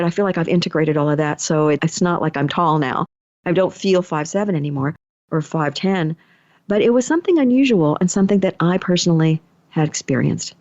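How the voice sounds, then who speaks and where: Recorded dry on a slightly dull podcast mic, this middle-aged woman speaks with a lowish, darkish voice. She hosts a podcast and works as an energy healer, and here she chats through a personal story, performing the quoted thoughts and lines.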